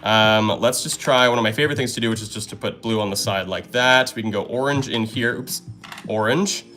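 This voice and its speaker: A young man hosting a live stream, chatting casually and excitedly while solving puzzles and thanking viewers. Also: fairly low pitch, brisk, soft background music.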